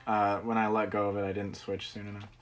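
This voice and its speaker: A man's voice: fairly low pitch, monotone, quick pace, soft background music, poor audio. A man streaming a video game, talking casually and laughing at his own mistakes. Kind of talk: casual gameplay commentary.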